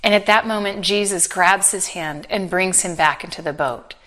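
A middle-aged woman preaching a sermon, telling a Bible story with earnest warmth and touches of gentle humor. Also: on the low side, normal speed.

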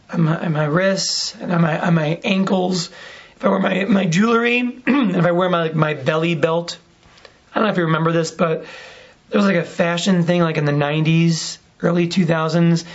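A priest giving a conversational homily, telling a story and acting out the dialogue. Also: male voice, high voice, dull audio. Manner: relaxed, conversational, acts out dialogue.

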